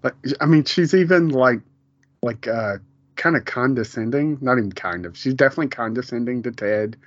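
A man co-hosts a casual podcast and talks in loose, rambling bursts full of fillers and quick laughs. His voice sits at a middle pitch. The recording is dry and a little dull and lo-fi. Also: animated, no room sound. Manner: rambling, many fillers and restarts, laughs often. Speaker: podcast co-host. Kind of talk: casual chat about a TV episode. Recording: dull, lo-fi home podcast audio.

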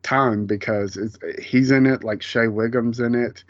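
A man's voice: mid-range voice, steady tone, a little slow, no room sound. A man co-hosting a casual podcast, talking loosely with plenty of fillers and easy laughter. The recording is dry and a bit dull, with little room sound. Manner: chatty, laughs often, many fillers. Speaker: podcast co-host. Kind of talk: casual chat.

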